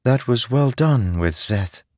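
A man voicing a playful, sharp-tongued female spirit companion, speaking in a teasing, wry way. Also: medium pitch, expressive, slow, no room sound, clean studio sound, voice pushed up.

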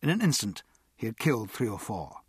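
A man narrating an audiobook with expressive, dramatic storytelling. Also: lowish voice, a little fast, slightly rough, no echo, studio quality.

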